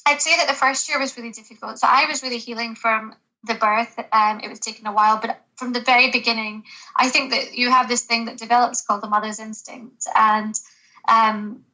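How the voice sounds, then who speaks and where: Bright-voiced, earnest woman doctor. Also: on the high side, steady tone, brisk, rough recording. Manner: earnest and reflective, with hesitant restarts. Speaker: GP guest. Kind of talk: podcast interview.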